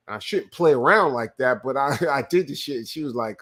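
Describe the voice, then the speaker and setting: A Californian man hosts a casual live show, answering viewer chat in a slightly high, fairly bright voice at a quick pace. He swears freely and tells loose stories, often restarting his sentences.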